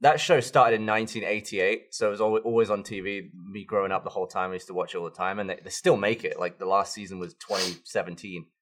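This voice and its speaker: Lower-voiced guy talking fast on a podcast, casual chatty recap. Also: steady tone, fairly bright tone. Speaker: podcast co-host. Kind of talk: casual chat.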